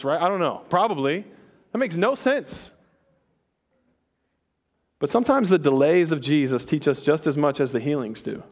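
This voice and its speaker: A man delivering a sermon in a loose, conversational way. He talks to the congregation like friends and slips into quick quoted voices to make a point. His voice sits a little on the high side. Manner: conversational, animated, acts out quoted voices with laughs. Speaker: pastor.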